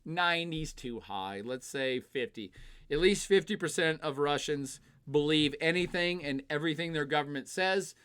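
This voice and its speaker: A man's voice: on the high side, normal speed, a bit bright, smooth. A man hosting a live stream, reading chat questions and answering in a blunt, opinionated, casual way, with plenty of filler sounds and the odd swear.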